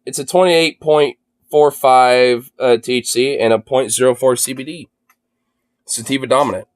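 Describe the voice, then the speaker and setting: A man livestreaming his reactions from a phone, excitable and profane, laughing often. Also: mid-range voice, normal speed. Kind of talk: live reaction stream.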